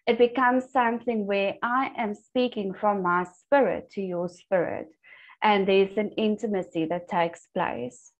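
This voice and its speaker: Her voice is medium-pitched, steady and unhurried as she guides a church discipleship group on a video call, teaching and telling stories with earnestness. She is the Bible study leader, and the call's audio sounds dull and lo-fi.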